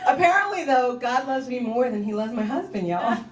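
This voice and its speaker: A woman performing a stand-up comedy set, telling deadpan dark jokes and talking to the crowd on a club stage. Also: fairly high pitch, normal speed. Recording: echoey club, mic heard from a distance.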